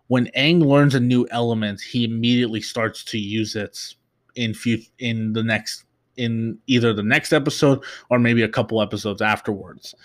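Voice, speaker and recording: A young man hosting a casual recap show, talking in a loose, rambling way with many fillers and restarts. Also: mid-range voice. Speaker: podcast host.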